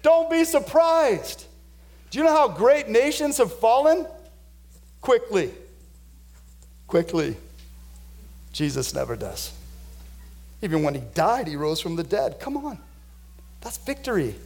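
A male pastor preaching a sermon to his church, moving between quiet, close asides and loud, lifted proclamations. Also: high voice, big pitch swings, moderate pace, vocal fry. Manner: dynamic preaching, swings from hushed to loud.

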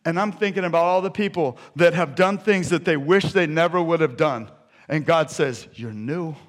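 A man preaching a sermon, retelling stories with lively energy and then dropping to soft, hushed appeals. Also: a little high, normal speed. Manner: animated storytelling that drops to soft, hushed appeals. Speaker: pastor.

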